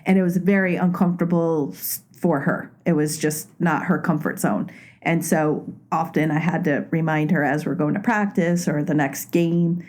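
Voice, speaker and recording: A woman's voice: low-pitched, fairly even intonation, normal speed, a little mellow. A woman in her forties from Maine, a podcast guest chatting casually and laughing easily. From Maine, USA. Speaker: podcast guest, loan officer. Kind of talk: casual interview chat.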